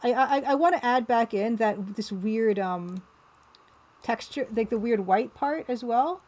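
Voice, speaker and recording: A woman's voice: fairly high pitch, unhurried, a little mellow, lo-fi sound. A woman livestreaming as an artist, chatting casually and playfully, with easy laughter. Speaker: livestreaming artist and game developer.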